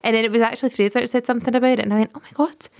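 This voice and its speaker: A young adult Scottish woman co-hosts a relaxed podcast chat. She tells stories with animation, acting out quotes as she goes. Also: on the high side, rapid-fire. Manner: animated storytelling, acts out quotes. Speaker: podcast co-host. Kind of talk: casual chat.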